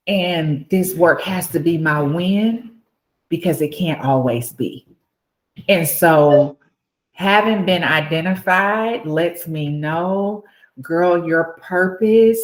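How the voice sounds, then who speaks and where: A woman guest in an interview, animated and emotional, fighting back tears as she talks. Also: deep voice, roomy sound.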